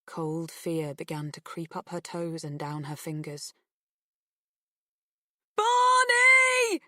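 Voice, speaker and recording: Slow, low-voiced woman narrator. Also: little pitch movement, darkish tone, no echo, clean studio sound. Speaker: audiobook narrator. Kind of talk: scripted narration.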